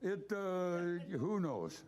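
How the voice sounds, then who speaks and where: A man's voice: sits high, sing-song, drawn-out words, darkish tone. A man leading a band, chatting to the audience between songs in a folksy, rambling way. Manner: folksy, rambling, says "by God". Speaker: bandleader and singer. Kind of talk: casual stage banter. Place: live show venue with audience. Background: guitar playing.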